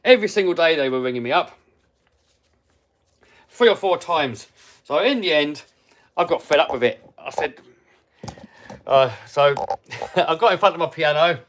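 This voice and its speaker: A British man hosting a livestream, telling a story casually and animatedly, dropping to mutters and rising to loud outbursts. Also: on the high side, lively intonation, normal speed, long pauses, slight background noise. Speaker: livestream host.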